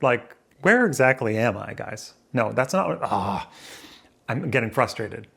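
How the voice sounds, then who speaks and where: A man's voice: medium pitch, lively intonation, moderate pace, gravelly, bright, forceful tone, breathy edge. A man vlogging indoors to a camera, rambling and questioning himself as he thinks aloud. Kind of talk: musing casual monologue. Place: indoors by a window. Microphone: camera facing him.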